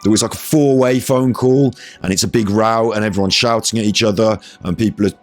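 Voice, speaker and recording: A man's voice: lowish voice, fairly even intonation, a little fast, soft background music. A man with a British accent giving sweary, mocking, chatty commentary while reacting to podcast clips. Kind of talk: casual stream commentary.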